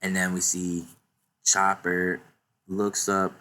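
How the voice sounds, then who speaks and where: A man casually recapping a comic chapter, retelling the action excitedly with many fillers. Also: sits low, slow. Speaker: YouTuber recapping a manga chapter.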